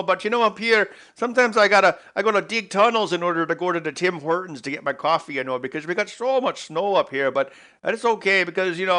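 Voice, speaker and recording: A man's voice: high voice, sharp tone, pitched above the performer's own voice. A man putting on an exaggerated Canadian accent, playing a chatty folksy everyman who rambles with lots of fillers. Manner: rambling, filler-heavy storytelling.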